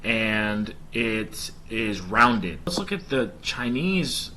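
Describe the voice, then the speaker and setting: Bright-toned man explaining his study plan. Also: on the low side, very animated, drawn-out words, a little hiss or hum. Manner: chatty, talks viewers through his plan with filler ums. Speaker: language learner vlogger. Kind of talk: casual explanatory vlog.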